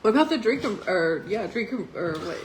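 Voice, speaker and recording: Brief: female headliner comic, casual teasing chat, mid-pitched voice, clear background noise. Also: sing-song, brisk, rough recording. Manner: laughs easily, teasing. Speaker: headlining comedian.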